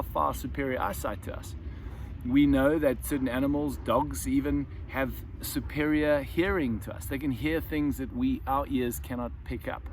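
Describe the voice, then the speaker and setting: With slight background noise, a man from South Africa delivers a reflective monologue to camera for a self-help video. His voice is mid-range and a bit bright, and his unscripted musing keeps restarting and doubling back on words.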